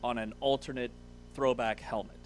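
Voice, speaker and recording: A man's voice: mid-range voice, fairly even intonation, moderate pace, slight background noise. Wisecracking male radio co-host. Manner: dry, wisecracking asides. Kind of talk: casual sports radio chat. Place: radio studio.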